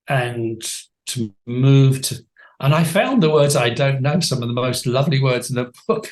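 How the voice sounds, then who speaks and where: A man's voice: mid-range voice, fairly quick. Older male coach telling his story. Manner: thoughtful, with frequent restarts and soft laughs. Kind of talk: reflective interview storytelling.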